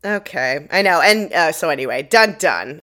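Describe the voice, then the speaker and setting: A woman's voice: deep voice, expressive, moderate pace, fairly bright tone. A woman co-hosting a podcast, recapping a TV episode in casual chat, laughing often and acting out the characters' lines. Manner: laughs often, acts out quotes. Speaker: podcast co-host.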